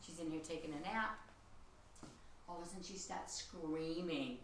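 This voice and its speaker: A woman guiding a ghost tour of an old house, telling its stories in a chatty, animated way and quoting the people in them. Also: low-pitched, normal speed. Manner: chatty, animated storytelling with quoted voices. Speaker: tour guide. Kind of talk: guided ghost tour storytelling. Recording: echoey room, voice from a distance, faint hiss.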